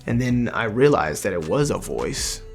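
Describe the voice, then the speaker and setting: A young man telling his personal faith testimony in an earnest, halting way, often restarting his sentences. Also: lowish voice, sing-song, faint music behind. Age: young adult. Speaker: testimony speaker.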